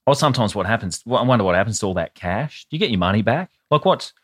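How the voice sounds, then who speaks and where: Aussie bloke with a really deep voice telling a dark yarn, swears a lot, dry jokes. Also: male voice, animated, quick pace, breathy edge. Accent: Australian. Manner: swearing, dry storytelling with wry asides. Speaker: podcast co-host. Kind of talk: casual chat.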